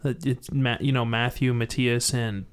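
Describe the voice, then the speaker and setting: A young man from the United States co-hosting a podcast in casual chat, joking and quick to laugh. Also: medium pitch, level tone, clean tone. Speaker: podcast co-host.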